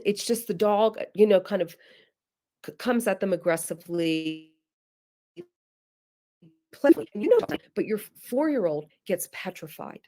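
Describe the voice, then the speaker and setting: A middle-aged woman with a mid-range voice presents a parenting webinar, teaching in an earnest, direct way. She calls her listeners "guys" and sometimes acts out the gentle things a parent might say.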